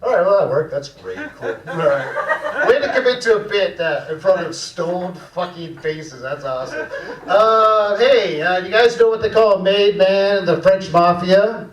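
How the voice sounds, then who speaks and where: A man performing a slow, deadpan stand-up set in a small cafe room. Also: high voice, far from the mic, highs cut off, a little hiss or hum. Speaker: stand-up comedian. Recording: echoey room, mic heard from afar.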